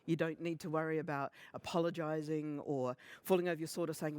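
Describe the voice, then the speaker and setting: A man in his fifties giving a conference talk, animated and humorous, often acting out other people's remarks. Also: on the high side, fairly quick, few pauses, no echo. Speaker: conference speaker. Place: conference stage.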